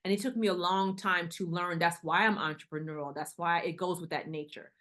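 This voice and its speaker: A middle-aged woman, a guest in a casual interview, telling her story with animated delivery and acting out the voices of people she quotes. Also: lowish voice, fairly quick.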